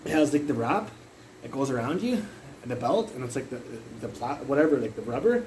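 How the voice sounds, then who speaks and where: A man's voice: mid-range voice, brisk, slight background noise, low-quality recording. Rambling, profane young man on a livestream. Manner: rambling, profane, animated retelling. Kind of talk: casual storytelling on a livestream. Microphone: phone.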